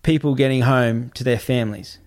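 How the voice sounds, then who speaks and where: A man telling a story in casual talk, animated and swearing, acting out what other people said. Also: mid-range voice, brisk.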